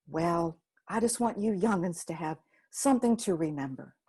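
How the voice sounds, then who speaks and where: Storyteller part: a woman doing a kindly old grandma, lower and homespun, mellow and husky. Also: animated, moderate pace. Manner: homespun, reassuring. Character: gentle elderly grandmother, warm and wise.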